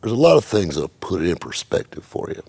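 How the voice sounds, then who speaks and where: Man, deep husky voice, lively pitch swings, casual profane storytelling, car dealer. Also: quick pace, dry recording. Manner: rambling with repeated "just" and profanity. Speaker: car dealer and channel host.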